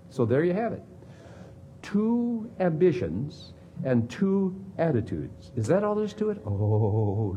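A man preaching a sermon as a pastor, with dramatic swings between emphatic lines and hushed ones. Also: medium pitch, lo-fi sound, slight background noise.

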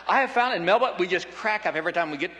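A middle-aged man preaching a sermon in a folksy, animated, joking way. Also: high-pitched, rapid-fire, long reverb tail.

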